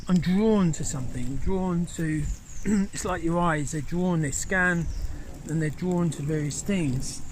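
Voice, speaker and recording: A middle-aged man filming himself in a rainy forest by a river, guiding viewers in a gentle, rambling, enthusiastic way. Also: on the high side, a little hiss or hum. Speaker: nature guide. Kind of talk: outdoor vlog instruction. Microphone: handheld camera.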